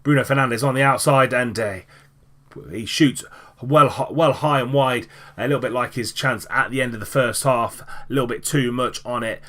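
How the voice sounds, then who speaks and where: A man narrates match highlights from a football management game in an easygoing commentary style. His voice sits at an ordinary middle pitch, and he often stops for fillers and restarts before picking up with excitement. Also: moderate pace. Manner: casual, lively with frequent fillers and restarts. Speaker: gaming commentator.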